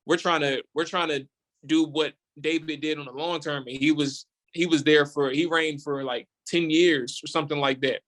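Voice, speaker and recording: Animated male sports podcaster. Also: on the high side, moderate pace. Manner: animated and opinionated, repeats words while building a point. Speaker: podcast host, guest on the show. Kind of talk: casual sports radio talk.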